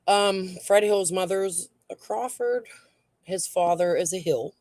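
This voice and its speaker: A woman's voice: fairly low pitch, takes it slowly, darkish tone, no room sound. A woman hosting a casual true crime livestream and reading the chat, talking in a blunt, heated way that is full of swearing.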